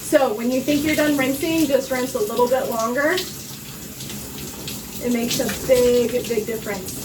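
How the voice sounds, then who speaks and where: In a bathroom shower with water running, a woman with a slightly high voice speaks a little slowly as she casually explains washing her hair. She's a hair care vlogger, chatty and instructive, peppering her talk with fillers and sounding slightly out of breath. She's far from the mic, and background noise comes through.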